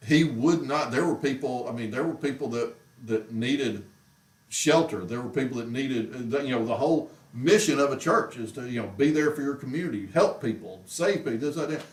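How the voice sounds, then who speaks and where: A man hosting a casual show from home, ranting in a heated, exasperated way. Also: medium pitch. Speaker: show host. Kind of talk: casual rant on a livestream. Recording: roomy echo, mic far off.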